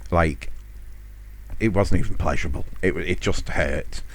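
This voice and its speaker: Deep-voiced man telling stories. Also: measured pace, gravelly. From United Kingdom. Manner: rambling and self-mocking, chuckling often. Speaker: podcast host. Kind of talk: casual solo storytelling.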